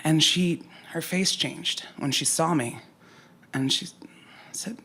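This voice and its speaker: A woman's voice: low-pitched, slow pace, sharp tone, slightly rough. A woman telling a personal story at a live story slam, candid and conversational, with frank asides.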